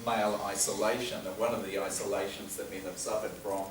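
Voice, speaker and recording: A man's voice: fairly low pitch, flat delivery, a little fast, slight background noise. Man lecturing from a distant mic. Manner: conversational, anecdotal storytelling. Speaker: speaker at a men's health talk. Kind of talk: informal lecture. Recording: roomy hall, distant mic, faint ambience.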